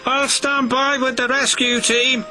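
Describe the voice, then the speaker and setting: A man voicing a small, fretful young male tank engine who frets in a high, anxious voice. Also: fairly even intonation, takes it slowly. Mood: teasing. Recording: music behind the voice.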